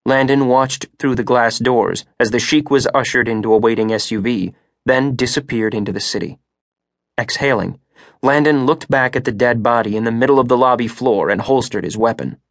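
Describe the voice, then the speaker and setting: A male audiobook narrator reads in a steady, measured mid-range voice. The recording is dry and close, with no room sound. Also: mid-range voice, no echo. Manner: steady, measured, rising for action beats. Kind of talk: scripted narration.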